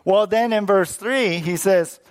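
A man preaching a sermon as pastor, animated, acting out quoted lines with many restarts. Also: high voice, a little slow, clear, resonant tone.

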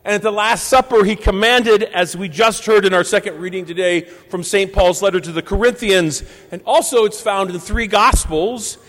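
High-pitched man, Catholic priest, reflective Sunday homily, slow deliberate phrasing, reverberant church. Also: fairly bright tone. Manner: measured, reflective preaching with deliberate pauses.

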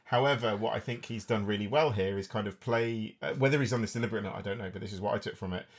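A man with a fairly low voice hosts a casual film review chat. He talks in a rambling, chatty way and often restarts his sentences mid-thought. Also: very fast, breathy edge. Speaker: film podcast host.

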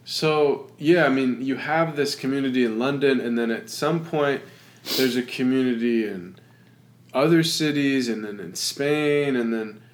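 A man hosting an interview, giving soft backchannels and thinking aloud as he builds a question. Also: medium pitch, a little slow.

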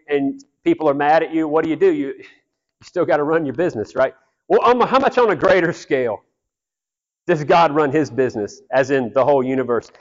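A man's voice: on the high side, big-room sound, dull audio. A man preaching a sermon as pastor, earnest and conversational, often repeating phrases for emphasis.

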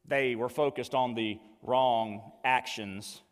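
A man's voice: mid-range voice, steady tone, takes it slowly, in a large hall. A man preaching a sermon as pastor, conversational and emphatic, with folksy asides.

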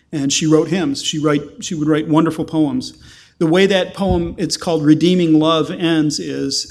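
A male pastor preaching a sermon with passion, asking rhetorical questions and acting out the voices he quotes. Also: fairly high pitch.

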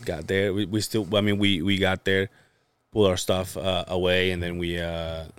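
Low-voiced man telling a rambling story. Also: flat delivery, normal speed, smooth, dry recording. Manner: rambling storyteller, swears casually, many fillers. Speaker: podcast host. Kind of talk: casual chat.

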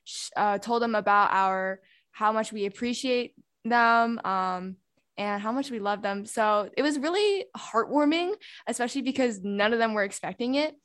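A woman's voice: a little high, moderate pace, a bit bright, clear, resonant tone. A woman podcast co-host chatting casually in an interview, acting out remarks she quotes.

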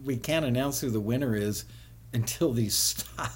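A man hosting a live web show, chatting casually with viewers, often laughing and spelling things out slowly. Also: medium pitch, breathy edge.

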